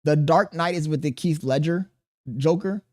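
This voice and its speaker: A young man chatting casually on his livestream, reading chat aloud and talking slowly on purpose, with plenty of swearing. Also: a little high, darkish tone. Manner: laid-back, deliberately slow storytelling, swearing, reading chat aloud. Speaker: streamer.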